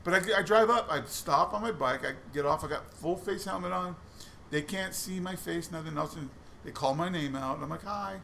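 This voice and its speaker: With a higher-leaning, fairly bright voice touched by vocal fry, this coin roll hunter talks at a moderate pace. He rummages through boxes of coins while chatting, his anecdotes full of restarts, over a light hiss or hum.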